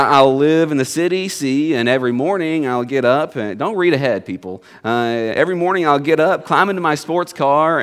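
A man preaching a sermon to his congregation in a folksy storytelling manner, with jokes and asides. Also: a little high. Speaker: pastor.

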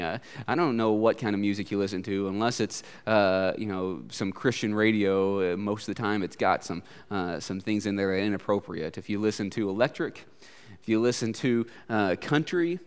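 A man's voice: on the low side, clear, resonant tone, big-room sound. A man preaching a sermon as a pastor, hesitant with many fillers at first and then building to emphatic repetition.

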